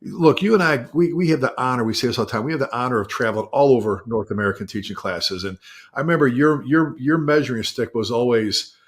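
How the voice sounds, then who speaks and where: Fire chief guy teasing his buddy on a podcast, lots of uh's and um's, medium voice. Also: mid-range voice. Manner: friendly ribbing, halting with fillers. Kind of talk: casual chat.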